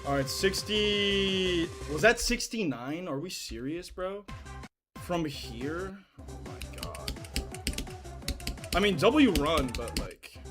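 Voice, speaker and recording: A man's voice: high voice, big pitch swings, takes it slowly, over music. A young man casually chatting while livestreaming a game, rambling in slang and swearing freely. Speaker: game streamer.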